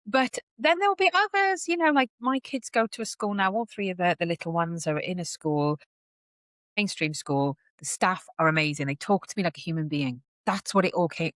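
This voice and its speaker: A woman's voice: on the low side, moderate pace, no echo, studio quality. A woman, a podcast guest chatting casually and animatedly, often acting out what others say. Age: 40s. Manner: animated storyteller who acts out others' voices. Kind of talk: casual chat.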